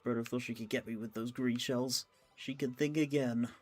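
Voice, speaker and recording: A man's voice: medium pitch, steady tone, moderate pace, darkish tone, faint music behind. A man talking through his race live, chatting with a friend and laughing often. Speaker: streamer playing the game. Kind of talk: live gameplay commentary.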